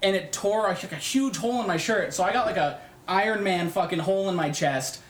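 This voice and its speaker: A loud-mouthed young podcast co-host tells stories in a casual chat, his voice sitting high and moving briskly. He swears, stays animated, and acts out the voices of people he quotes, all in an echoey room.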